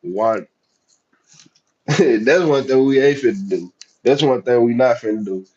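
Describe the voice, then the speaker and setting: A man's voice: mid-range voice, moderate pace, darkish tone, slightly rough, lo-fi sound. Laid-back Southern man chatting on a livestream. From United States. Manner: chatty, laid-back, talks straight to chat. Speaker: livestream host. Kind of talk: casual livestream chat.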